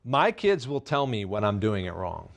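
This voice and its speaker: Expressive man giving a live talk. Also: moderate pace, vocal fry. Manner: expressive, swings from loud and high to soft and low; candid and self-deprecating, with light humor. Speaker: presenter of a parenting and faith talk series. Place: radio studio with live audience.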